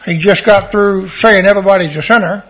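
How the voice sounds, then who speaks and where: Middle-aged male Bible teacher, high husky voice, dull lo-fi recording, reads verses and leans on key words. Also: brisk, fairly bright tone. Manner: reads scripture aloud and stresses key words.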